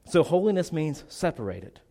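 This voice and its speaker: A man's voice: a little high, big pitch swings, moderate pace, mellow. A man preaching a sermon as pastor, earnest, with repeated phrases and rhetorical questions, still a little congested. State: slightly congested.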